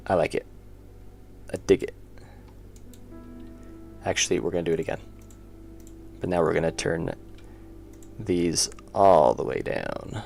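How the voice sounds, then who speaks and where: An indie game developer chats casually on a livestream while he draws, often muttering to himself in a low-key way. His darkish voice is steady and unhurried, with vocal fry and long pauses, and faint music plays in the background.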